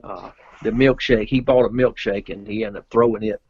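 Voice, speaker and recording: A middle-aged man from Georgia, telling a rambling, animated story as a guest in a casual interview. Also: lowish voice, moderate pace, husky, no echo, phone-quality sound. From Georgia, USA. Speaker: guest, pro pool player.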